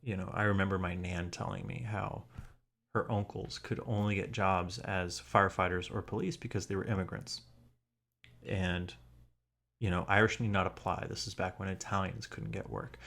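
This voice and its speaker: A man's voice: deep voice, steady tone, normal speed, gravelly, a bit bright. A man co-hosting a podcast from home, talking in a rambling, earnest, profane way with lots of fillers. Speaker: podcast co-host. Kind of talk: casual podcast talk.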